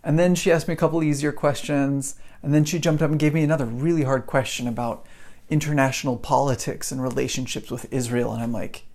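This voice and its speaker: A man's voice: medium pitch, brisk. Chatty man telling a story. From United States. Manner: chatty, animated, acts out his own reactions. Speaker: podcast host and English teacher. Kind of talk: casual storytelling monologue.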